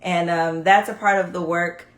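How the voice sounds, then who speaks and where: A woman's voice: on the low side, steady tone, moderate pace, echoey room. A young woman from Brooklyn, hosting a casual livestream talk in an earnest, emphatic way, repeating key phrases. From Brooklyn, New York. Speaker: host. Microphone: phone.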